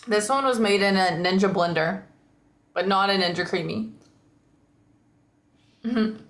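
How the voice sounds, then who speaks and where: A woman's voice: mid-range voice, a little slow. Chatty woman livestreamer in a roomy space. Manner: rambling, chatty, frequent likes and ums. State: slightly hoarse, recovering voice. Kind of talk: casual chat with viewers.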